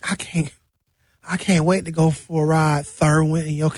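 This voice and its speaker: A man voicing an excitable woman passenger with a lisp and a speech impediment. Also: a little high, normal speed, slightly rough, no room sound, clean studio sound. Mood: giddy.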